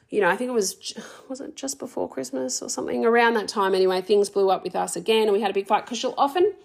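A woman's voice: mid-range voice, vocal fry. A woman in her thirties speaking in a raw, emotional personal vlog, swearing heavily and rambling through restarts. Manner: rambling, restarts, many fillers. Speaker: vlogger.

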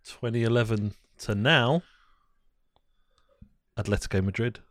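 A man's voice: medium pitch, a little slow, fairly bright tone, no room sound, clean studio sound. A man hosting a casual football quiz among friends, reading out clues and bantering. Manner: reads out clues, banters and swears. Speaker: quiz host.

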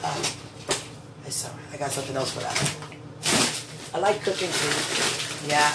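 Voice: medium pitch, animated, measured pace, vocal fry, pauses often. Affectionate, playful speaker in a roomy kitchen. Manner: affectionate, playful, laughs often. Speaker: person talking to a loved one. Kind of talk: casual one-sided chat. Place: home kitchen. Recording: roomy sound from a distant mic with faint background noise.

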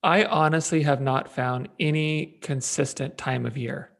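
An upbeat man co-hosting a podcast, rambling and laughing often as he chats. His voice is fairly high for a man, with a lot of gravelly fry. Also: a little slow, fairly bright tone. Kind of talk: casual chat.

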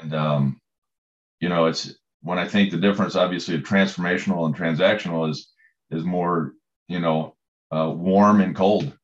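A man's voice: low-pitched, steady tone, normal speed, muffled recording. A man, a coach, telling stories in a conversation, rambling with many fillers and restarts. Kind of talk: storytelling in conversation.

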